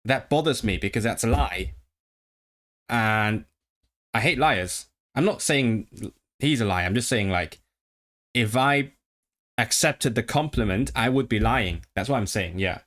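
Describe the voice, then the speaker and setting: A man's voice: mid-range voice, animated, measured pace, long pauses, a bit bright. A man chatting casually on his own livestream, thinking aloud with many restarts and stopping to practice trilled R sounds. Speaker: streamer.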